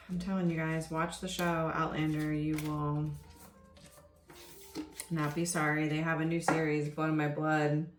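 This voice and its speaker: Low-voiced woman giving a chatty tarot reading. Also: steady tone, takes it slowly, long pauses. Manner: chatty and rambling, many ums and you-knows. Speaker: tarot reader. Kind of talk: casual spoken tarot reading. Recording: roomy echo with faint music underneath. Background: faint background music.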